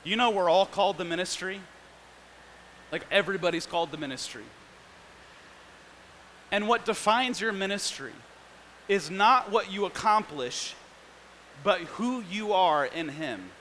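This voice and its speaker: A man's voice: high voice, animated, measured pace, long pauses, sharp tone, a little hiss or hum, rough recording. A man preaching a sermon, reading scripture and explaining it with earnest, building emphasis.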